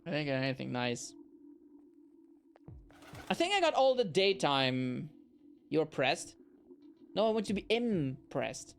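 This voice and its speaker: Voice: mid-range voice, very animated, unhurried, vocal fry, pauses often. A streamer chatting casually and jokingly while playing, reading the game's dialogue aloud in voices. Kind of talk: casual live gameplay chat. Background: faint game music.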